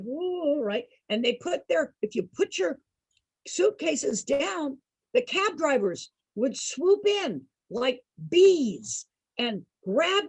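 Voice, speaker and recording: A woman entertaining program participants with an animated personal story, laughing often and asking her listeners questions. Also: high voice, dry recording, rough recording.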